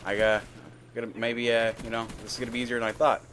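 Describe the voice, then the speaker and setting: A man's voice: mid-range voice, level tone, fast, a bit bright. A young man telling a rambling, candid story over gameplay, swearing freely and acting out both sides of the conversation. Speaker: gaming video host. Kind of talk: casual gameplay commentary storytelling.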